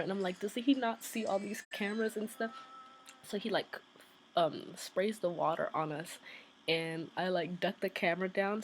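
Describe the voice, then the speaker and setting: A woman vlogger casually telling a story, chatty and excited, with lots of "like" and "um" fillers. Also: fairly low pitch, slight background noise, low-quality recording.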